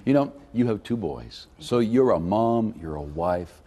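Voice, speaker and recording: A man's voice: on the low side, expressive. A man hosting a faith talk show, prompting his guest with friendly questions. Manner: warm, prompting, quick to laugh along. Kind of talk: interview questions.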